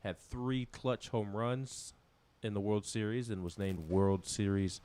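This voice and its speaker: A man's voice: lowish voice, fairly even intonation, measured pace, darkish tone. A man co-hosting a casual sports talk show, rambling with many restarts and laughing at himself. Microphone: studio microphone.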